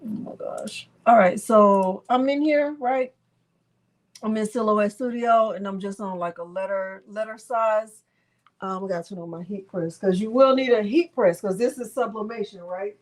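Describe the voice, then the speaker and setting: Speaking at a moderate pace with medium pitch, a crafting host leads a live tutorial. Her talk rambles chattily, with many fillers and restarts.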